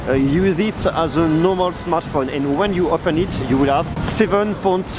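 A French man with a French accent chats casually through a travel and tech vlog, halting between words and laughing often. Music plays clearly beneath his voice, and the talk moves between a hotel room and a rainy street. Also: fairly high pitch. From France. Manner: chatty, laughs often, halting English with fillers. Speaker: tech vlogger.

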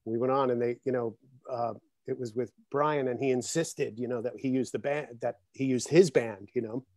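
A man's voice: mid-range voice, brisk, no echo, studio quality. A man, a guest drummer, telling stories with lots of laughter in a casual chat over a video call. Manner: animated storyteller, laughs often. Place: home, in Connecticut.

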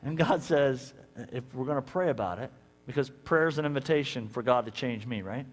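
A man's voice: medium pitch, brisk, long reverb tail, slight background noise. A male pastor preaching a sermon, telling stories and acting out both sides of conversations. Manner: animated storytelling, acts out conversations. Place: church sanctuary.

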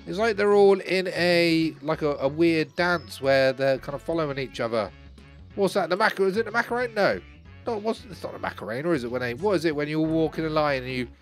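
Lively man commenting on a game. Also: high voice. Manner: chatty, exclaiming and talking to game characters. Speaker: gaming channel host. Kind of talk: let's play commentary.

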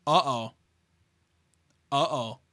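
A young man reading a comic aloud and reacting to it in casual commentary, getting excitable and swearing freely. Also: mid-range voice, extremely slow, dry recording, studio quality.

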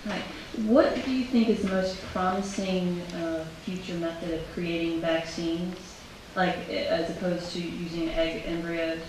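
A woman in the audience asks a question in a hesitant way, stopping and restarting often. Her voice is lowish and heard from far off in a very echoey room. Clear background noise hangs behind her words. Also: steady tone, measured pace. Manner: hesitant, many fillers. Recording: distant echoey room mic.

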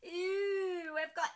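A woman voicing a cheeky, mess-loving young boy in a picture book, protesting in an excited, whiny way. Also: extremely high pitch, pitched above the performer's own voice, heavily acted.

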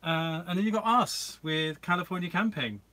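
A man's voice: high-pitched, moderate pace, bright, forceful tone. A man hosting a live-stream Q&A from inside a camper van, chatting in a rambling way and greeting viewers by name. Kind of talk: casual live-stream chat.

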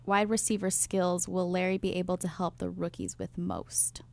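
A woman's voice: lowish voice, little pitch movement, moderate pace, creaky, a little mellow. A woman co-hosting an interview, reading fan questions aloud to a guest. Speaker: co-host.

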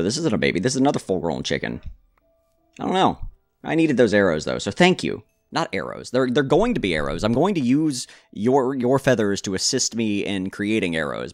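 A male gamer chatting through his play session, rambling and poking fun at himself as he goes. His fairly low voice leaps around a lot, and the sound is close and dry with no room around it. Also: dry recording. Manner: rambling, self-mocking, talks to himself; stammering restarts, jokey asides. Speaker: gaming channel host. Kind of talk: casual gameplay commentary.

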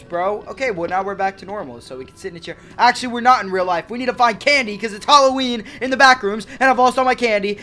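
Hyped gaming host rambling in slang over a game, bright voice, faint game music behind. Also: mid-range voice. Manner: excitable, chatty, heavy slang. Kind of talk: let's-play commentary.

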